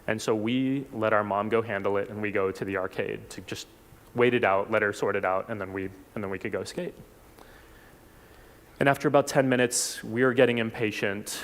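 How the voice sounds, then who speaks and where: A man from South Texas giving a reflective personal talk at a church forum, unhurried, with small restarts. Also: lowish voice, fairly even intonation. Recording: long hall reverb.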